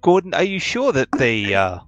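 A man's voice: mid-range voice, huge pitch swings, normal speed, a bit bright, no room sound, soft background music, pitched above the performer's own voice. A man voicing a confused, polite young man who halts and repeats his words, in a tabletop game.

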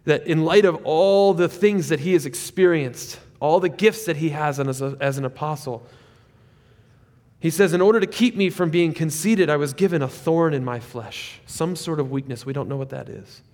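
A man's voice: a little high, moderate pace. Preaching man with a ringing hall sound. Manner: animated preaching that swings from loud peaks to quiet asides. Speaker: pastor. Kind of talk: sermon.

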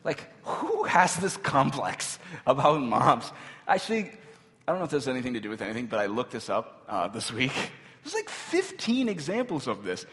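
A man in his thirties preaching a sermon, telling a story in an animated way and turning to the audience with asides. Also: mid-range voice, normal speed. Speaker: pastor. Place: church hall. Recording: long hall reverb.

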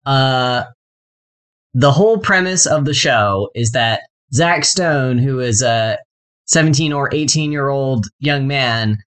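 A man with a mid-range voice recapping a TV show for a podcast. He talks in a relaxed, unhurried way, full of "um" and "like.". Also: mid-range voice, clear, resonant tone. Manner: relaxed, summarizing, filler-heavy. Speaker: podcast co-host. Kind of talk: casual chat and show recap.

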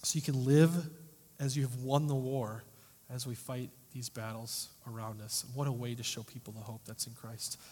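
A man preaching a sermon as pastor, earnest and emphatic, often rising and falling sharply in loudness. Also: mid-range voice, fairly even intonation, normal speed. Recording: long hall reverb.

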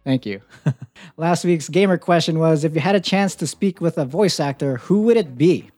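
A woman's voice: low voice, normal speed, warm tone, no echo, soft background music. A woman hosting a casual gaming podcast, reading listener replies aloud and laughing often. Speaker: podcast host.

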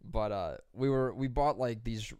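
A man's voice: mid-range voice, measured pace, clear, resonant tone, no echo. A young man telling a long, rambling story in casual podcast chat, swearing often and acting out what people said. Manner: rambling, profane, animated when quoting.

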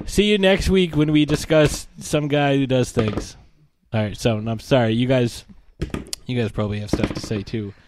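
A man's voice: mid-range voice, moderate pace, noisy background. Ranting man on a podcast. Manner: irreverent, profane ranting. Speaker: podcast co-host. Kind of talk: casual ranting podcast talk.

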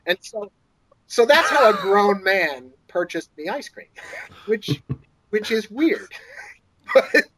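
Animated storytelling man, slightly high voice. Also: takes it slowly, pauses often, slight background noise, low-quality recording. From Boston area. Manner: animated, acts out quoted voices in a higher pitch. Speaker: author guest. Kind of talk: casual interview storytelling.

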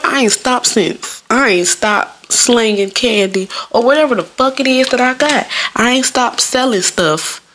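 A young woman hosting a podcast, telling stories in a casual, profane, animated way and laughing often. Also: fairly high pitch. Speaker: podcast host. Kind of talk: casual comedic monologue.

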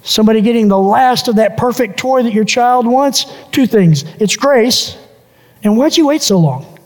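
Pastor, sermon, mid-pitched voice, repeats phrases in lists, long hall reverb. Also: lively intonation, moderate pace. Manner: builds points through repeated lists and phrases.

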